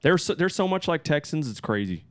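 A young man telling stories in relaxed casual chat, full of fillers. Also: a little high, a little fast, no room sound, studio quality.

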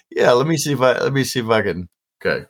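A man, a guest songwriter, telling stories in a casual podcast chat and laughing often. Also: mid-range voice. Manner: laughs often, lively storytelling.

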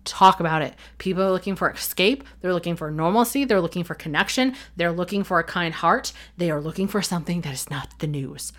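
A woman's voice: on the low side, brisk, few pauses, fairly bright tone. A woman hosting her own podcast, talking candidly and emotionally in a rambling, earnest way about her business. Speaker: podcast host on email marketing. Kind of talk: candid solo podcast talk.

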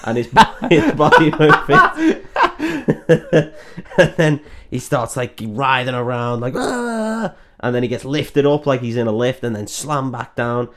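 Male co-host, mid-pitched, rambling and giggly, sweary casual film recap. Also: big pitch swings, a little slow, a bit bright. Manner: rambling, laughing often, sweary. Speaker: podcast co-host.

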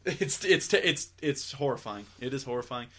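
Bright-voiced swearing young podcast host. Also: male voice, medium pitch, normal speed. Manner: swears freely, laughs often, animated storytelling. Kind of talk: casual podcast banter.

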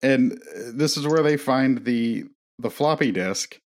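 A man on a casual movie podcast, rambling through his strong opinions and circling back with fillers. His voice sits at an ordinary middle pitch for a man. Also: slow. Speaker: podcast co-host.

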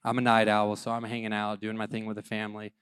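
A man in his thirties telling a personal story about being a father, animated and self-mocking, acting out the dialogue. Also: on the low side, quick pace, smooth.

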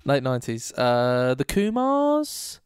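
Deadpan joking man, smooth clear voice. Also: mid-range voice, slow pace, dry recording, studio quality. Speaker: podcast co-host, musician. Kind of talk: casual podcast chat. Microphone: remote recording, close mic.

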